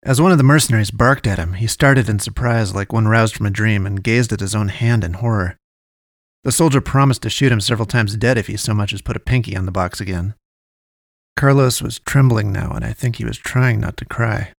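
A man narrating a first-person story in a measured, even way. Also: lowish voice, vocal fry, no room sound, clean studio sound.

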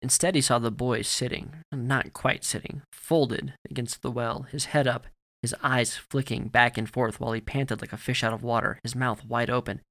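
Man giving steady grave story narration. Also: medium pitch, moderate pace, vocal fry.

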